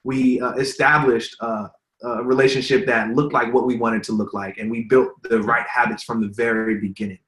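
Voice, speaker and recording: Speaking as a guest, this relationship content creator has a mid-range voice that's level, a bit bright and at normal speed. He rambles earnestly through casual interview answers, leaning on many fillers, and the room echo is clearly audible.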